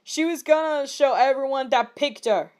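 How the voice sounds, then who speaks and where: An angry teenage boy wizard yelling insults, as a woman reader plays him. The voice stays high and close to her own. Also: moderate pace, lightly acted.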